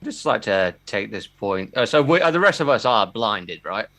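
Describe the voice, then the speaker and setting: A man's voice: on the low side, big pitch swings, normal speed, sharp tone. A man playing a tabletop game over a voice call, hesitant with many fillers. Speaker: player. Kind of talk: casual tabletop play.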